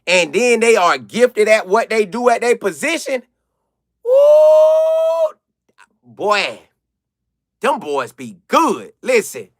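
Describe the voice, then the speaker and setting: A young adult man, hosting a casual live chat and answering viewers in an animated way, repeating phrases for emphasis. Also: high voice, dry recording, studio quality.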